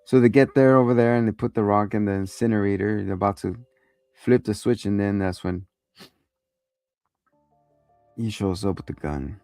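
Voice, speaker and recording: A low, gravelly-voiced man hosts a casual, rambling episode recap, swearing freely and acting out the scenes. The sound is dry and close. Faint music plays underneath. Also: a little fast, darkish tone, no echo. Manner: rambling and profane, acts out lines. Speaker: show host reviewing a TV episode.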